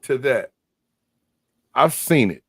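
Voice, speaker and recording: A man, a former pro football player, talking casually and emphatically on a sports podcast, with street slang and animated outbursts. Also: medium pitch, slow pace, husky, dry recording.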